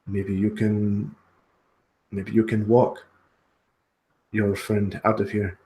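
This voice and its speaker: A man's voice: on the low side, little pitch movement, darkish tone, low-quality recording. A man voicing a formal, apologetic half-orc. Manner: measured and formal. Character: gentle, apologetic male half-orc translator.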